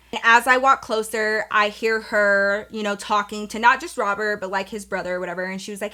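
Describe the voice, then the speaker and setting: Bright, chatty young woman storyteller. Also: medium pitch, normal speed. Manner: candid, profane, chatty, addresses viewers as y'all. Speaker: storytime vlogger. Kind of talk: casual storytelling.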